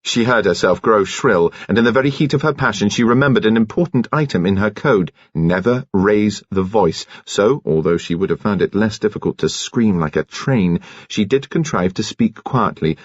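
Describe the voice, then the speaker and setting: Brief: low, husky male audiobook reader, dry close sound, dull lo-fi audio. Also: no echo. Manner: measured, even storytelling. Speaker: audiobook narrator. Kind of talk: scripted audiobook narration.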